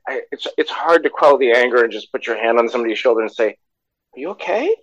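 Halting thoughtful man on dull dry line. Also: mid-range voice, dry recording. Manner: halting, thoughtful, many restarts. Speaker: podcast guest. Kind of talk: casual chat.

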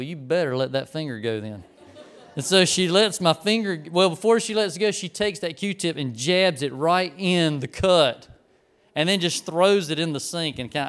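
A middle-aged man preaching, telling a lively personal story and acting out the people in it. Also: a little high, smooth. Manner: animated storyteller, acts out the people in his story. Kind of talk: storytelling sermon.

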